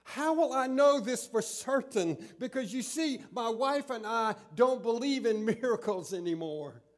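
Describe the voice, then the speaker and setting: A man voicing a weary, doubting old male priest who pleads for proof in drawn-out questions. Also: on the high side, voice pushed down. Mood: pleading.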